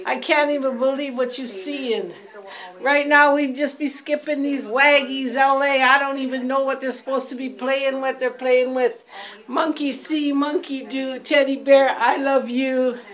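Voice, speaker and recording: A woman giving a rhyming, slangy, boastful sales pitch for her homemade skincare products, swinging between loud hype and low murmurs. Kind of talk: hyped home product showcase.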